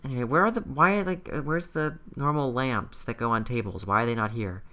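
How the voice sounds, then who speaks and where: A man's voice: mid-range voice, brisk, bright, forceful tone. A young man giving casual gameplay commentary while building, thinking aloud and rambling with plenty of fillers. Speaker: video host building in a game.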